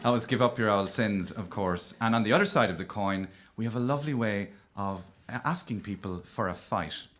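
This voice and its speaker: A man's voice: lowish voice, a little fast, few pauses, a bit bright. A man with a Cork Irish accent hosting a radio comedy show, telling wry, playful stand-up stories. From Cork, Ireland. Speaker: comedian host.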